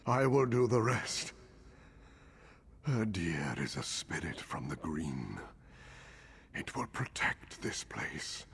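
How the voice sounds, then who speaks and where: Ancient druid elder, game voice, low gravelly and slow, big swoops in pitch. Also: male voice, a bit bright, full character voice. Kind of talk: video game dialogue.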